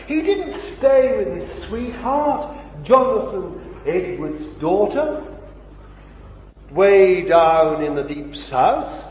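A man preaching a sermon, impassioned, with rhetorical questions, swinging between loud and hushed. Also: high voice, a little hiss or hum. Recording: dull old recording in an echoey hall.

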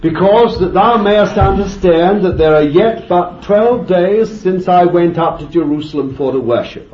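Fervent preacher man, roomy lo-fi sound. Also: a little high. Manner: fervent, exclaiming praise and laughing between points. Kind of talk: sermon. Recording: echoey, dull, lo-fi recording with faint noise.

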